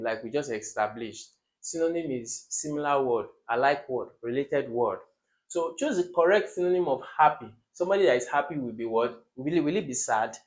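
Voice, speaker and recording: A young man, teaching an exam-prep lesson for children. He asks questions and answers them himself, and he jumps to loud emphasis on key words. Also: medium pitch.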